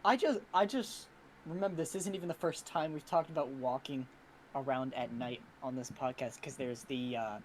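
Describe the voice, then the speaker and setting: A podcast co-host with a mid-range voice, telling a story in fits and starts. Sentences restart and trail away softly as the thought wanders. Faint background ambience runs through the recording. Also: medium pitch, slight background noise, low-quality recording. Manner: halting, restarts often, soft and trailing. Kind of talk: casual chat.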